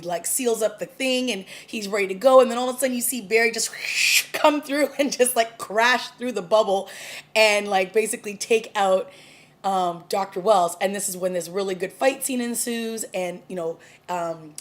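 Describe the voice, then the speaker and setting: A woman talks through a TV episode she just watched, chatting casually as a review vlogger. Her voice sits at an ordinary middle pitch. She stumbles and restarts often, padding her lines with fillers as she recaps. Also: moderate pace.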